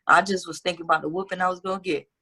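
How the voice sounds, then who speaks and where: A woman's voice: lowish voice, fairly even intonation, racing, bright, forceful tone, breathy edge. A young woman guest telling her life story in a casual interview, candid and profane with street slang.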